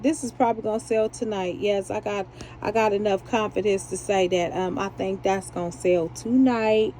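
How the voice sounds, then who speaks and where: A woman's voice: medium pitch, warm tone, a little hiss or hum, rough recording. A woman chatting casually while she makes beaded jewelry and laughs at herself. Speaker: jewelry maker. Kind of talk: casual chat while beading.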